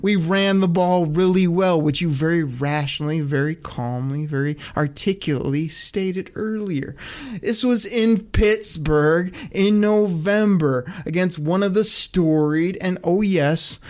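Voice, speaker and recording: A man's voice: fairly high pitch, a little slow, darkish tone. A man co-hosting a casual football talk show, ranting with sarcasm and frequent laughter. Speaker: sports podcast co-host. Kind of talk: casual sports talk rant.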